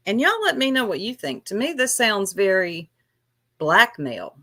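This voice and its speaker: A woman's voice: mid-range voice, big pitch swings, unhurried, fairly bright tone. A woman vlogger ranting on a livestream in a taunting, sarcastic way. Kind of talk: livestream rant.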